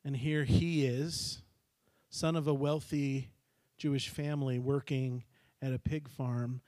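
A man's voice: a little high, dry recording. A middle-aged man preaching a sermon, telling a story and acting out the characters' voices. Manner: animated, acts out characters' voices. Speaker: pastor.

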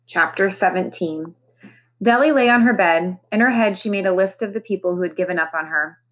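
A woman's voice: medium pitch, a little fast, a bit bright, a little hiss or hum. A woman, a teacher, reading a children's novel aloud expressively and raising her voice for the characters' lines.

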